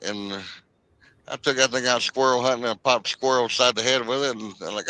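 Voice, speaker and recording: Bright-voiced man in casual chat. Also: mid-range voice, steady tone, fairly quick, rough recording. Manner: agreeable, chimes in with own stories.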